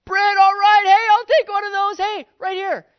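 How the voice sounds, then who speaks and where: A man's voice: extremely high pitch, normal speed, no room sound, highs cut off, voice pushed up. A man voicing an eager, pushy male crowd member grabbing for food at a miracle meal. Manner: excited, pushy calling out.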